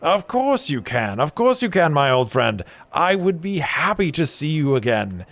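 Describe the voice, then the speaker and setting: A man doing a booming, jovial old brewer. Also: big pitch swings, moderate pace, fairly bright tone, no echo. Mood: warm hearty. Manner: booming, effusive. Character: jovial hearty male brewer, an old friend.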